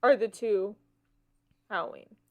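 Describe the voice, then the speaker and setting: A woman's voice: medium pitch, measured pace. A young woman co-hosting a podcast, chatting casually and looking things up as she talks. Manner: relaxed, reads snippets aloud while looking things up. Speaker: podcast co-host. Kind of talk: casual chat.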